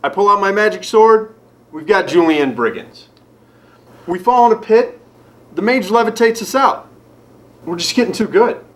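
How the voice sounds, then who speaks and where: A man's voice: high voice, expressive, moderate pace, pauses often. An actor playing a breezy, boastful young male gamer. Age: young adult. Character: cocky young male gamer, ladies' man.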